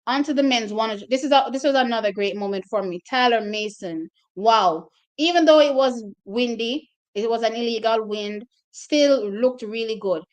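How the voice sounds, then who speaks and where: A woman's voice: on the high side, normal speed, few pauses. A woman hosting her own track and field channel, talking casually and directly to her viewers about race results, openly emotional as she goes.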